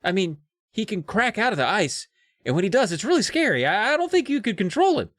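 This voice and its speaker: A man's voice: high-pitched, sing-song, a little fast, fairly bright tone, no room sound, pitched above the performer's own voice. A nervous young boy warning his father, as a man reads him aloud. The voice rises and sounds worried, with a dry, close sound. It's a casual reading of a children's book.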